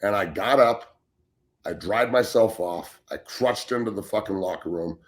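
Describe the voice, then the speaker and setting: A former pro football player of about forty, co-hosting a talk show, telling a story in a blunt, profane, emphatic way. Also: male voice, lowish voice, moderate pace. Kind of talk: heated casual talk show rant.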